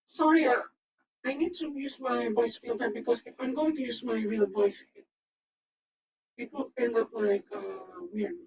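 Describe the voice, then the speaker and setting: A woman streamer with a voice changer filter, chatting excitably and rambling, swearing freely and slurring her words at times. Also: a little high, normal speed, gravelly, far from the mic, low-quality recording. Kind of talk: live stream reaction chat.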